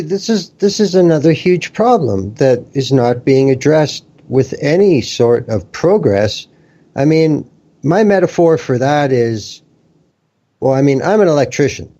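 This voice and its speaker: A man talks slowly and bluntly, swearing freely and explaining his view with everyday workplace metaphors. His voice comes through dull and lo-fi, like a home podcast feed. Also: a little high, dark tone. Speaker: electrician and panelist. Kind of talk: casual political discussion. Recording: dull lo-fi stream audio.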